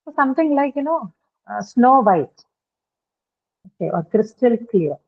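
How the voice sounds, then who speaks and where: A woman teaches pronunciation rules to a class, stopping often to ask whether everyone follows. Her voice comes through a narrow, phone-like video call line. She pauses with fillers as she works through each example. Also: fairly high pitch, very animated, vocal fry. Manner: asks frequent check questions, many fillers. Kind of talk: online phonetics lesson. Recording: tinny phone-like call audio.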